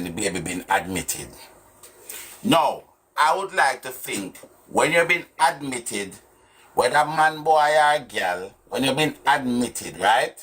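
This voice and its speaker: A man's voice: medium pitch, a bit bright, breathy edge. A man with a Jamaican accent giving casual commentary on an interview clip, scornful and mocking, full of rhetorical questions.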